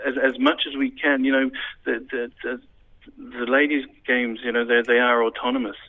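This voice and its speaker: A man speaks haltingly as a sports official, stumbling and restarting through a radio interview. His voice sits in a flat, even middle pitch. The sound is thin and phone-like. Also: slight background noise.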